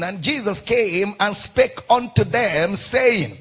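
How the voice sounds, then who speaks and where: Husky-voiced man preaching emphatically. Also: high-pitched, lively intonation, takes it slowly, hardly any pauses, a bit bright. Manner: emphatic, repeats key words, sing-song cadence. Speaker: pastor. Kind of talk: sermon. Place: church.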